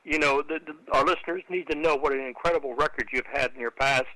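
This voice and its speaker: A man's voice: a little high, fast talker, pushed and bright, no echo, low-quality recording. A man hosting a radio interview, eagerly prompting his guest with stumbling restarts. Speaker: radio host.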